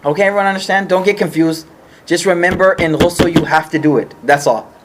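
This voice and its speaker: Male teacher, high voice, patient explainer who keeps checking in with the class; faint hiss under the track. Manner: explains patiently, checks the group often, slows for key points. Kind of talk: informal religious study class.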